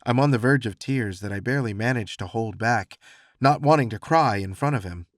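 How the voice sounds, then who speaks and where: A man narrating a first-person romance audiobook with expressive, reflective storytelling. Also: medium pitch, a little fast, no echo, clean studio sound.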